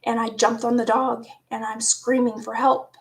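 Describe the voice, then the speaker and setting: A woman around forty casually telling a personal story, animated, laughing often and dropping into hushed asides. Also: on the high side, normal speed, vocal fry. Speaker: vlogger.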